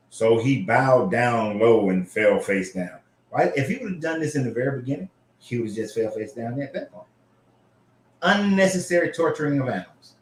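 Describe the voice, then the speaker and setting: A man hosting a casual commentary show, reading scripture aloud and reacting in an animated, profane way. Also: medium pitch, echoey room. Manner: animated, profane, frequently laughing. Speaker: host.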